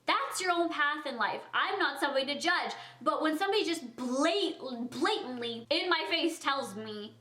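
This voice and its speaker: A woman's voice: sits high, animated, normal speed, few pauses, sharp tone. A young woman telling a casual storytime vlog, chatty and full of fillers, often breaking into giggly asides. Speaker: vlogger. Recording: echoey room.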